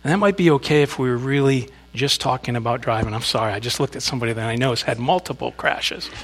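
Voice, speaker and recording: A man's voice: medium pitch, quick pace, fairly bright tone, slight background noise. A man preaching a sermon, speaking conversationally to the congregation with asides and reading scripture with emphasis. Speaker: pastor.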